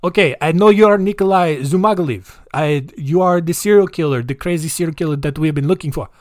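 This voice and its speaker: A man's voice: a little high, quick pace, dry recording, clean studio sound, close to an everyday voice. A man voicing a stern male police colonel with a mock Russian accent. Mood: accusing.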